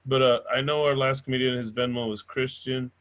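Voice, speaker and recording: A man's voice: mid-range voice, flat delivery, a little fast, a bit bright. Chill guy emceeing a comedy show, jokey, laughs a lot. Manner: loose, joking, laughs often. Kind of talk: stand-up hosting.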